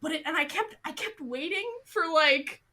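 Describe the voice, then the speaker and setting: A woman's voice: sits high, moderate pace, crowd noise. A woman co-hosting a podcast, animatedly recapping a TV show in casual chat, full of "like". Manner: animated, chatty, heavy use of "like". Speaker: podcast co-host.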